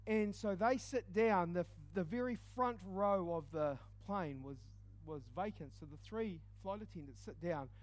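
A man preaching a storytelling sermon, swinging from loud exclaims to hushed asides. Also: sits high, unhurried, hardly any pauses.

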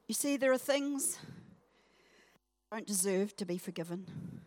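A woman preaching a sermon, acting out her points in a playful, self-mocking way that swings between loud and soft. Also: fairly high pitch, normal speed, pauses often, no room sound. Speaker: guest preacher. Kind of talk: sermon with acted illustration.

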